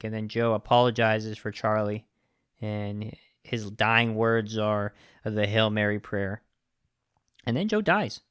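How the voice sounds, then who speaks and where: A man's voice: medium pitch, no echo, clean studio sound. A young man hosting a podcast, casually retelling a film's plot and acting out the characters' lines. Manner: animated retelling, acts out quoted lines. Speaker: podcast host. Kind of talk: casual film review monologue.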